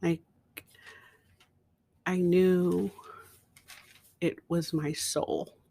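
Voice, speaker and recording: A middle-aged woman, host of her own show, slowly telling a personal story and sometimes dropping to a whisper. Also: fairly low pitch, little pitch movement, creaky, warm tone, husky. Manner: slow, reflective storytelling, dropping to a whisper at times. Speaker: podcast host. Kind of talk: personal testimony.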